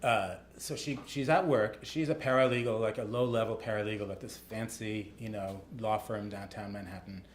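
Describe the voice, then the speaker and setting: A man's voice: fairly low pitch, steady tone, normal speed, hardly any pauses, slight background noise. A man, an author, telling a story in a casual, chatty way, full of fillers and tag questions. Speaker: author speaking at a talk. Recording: echoey room with faint ambience.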